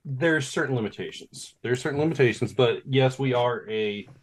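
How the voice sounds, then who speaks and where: A man's voice: medium pitch, moderate pace. A man in a casual podcast chat, speaking matter-of-factly in short remarks. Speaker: podcast co-host.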